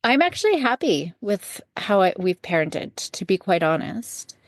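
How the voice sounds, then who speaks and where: Gravelly woman, plain-spoken podcast chat. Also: medium pitch, very animated, normal speed, no echo, studio quality. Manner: self-deprecating, plain-spoken. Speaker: podcast co-host. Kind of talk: casual chat.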